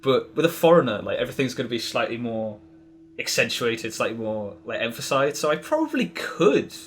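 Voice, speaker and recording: A man's voice: mid-range voice, very animated, fairly quick, a bit bright, a little hiss or hum. A man chatting casually as a podcast guest, rambling with lots of fillers and restarts. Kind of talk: casual interview chat.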